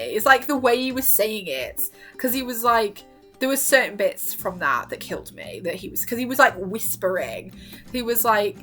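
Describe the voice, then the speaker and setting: Chatty woman vlogger, emotional and gushing, a bright, forceful delivery. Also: a little high, animated, moderate pace, soft background music. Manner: gushing and emotional, full of fillers, quoting her own reactions with gasps and squeals. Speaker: vlogger reviewing a TV series. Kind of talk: casual rambling chat.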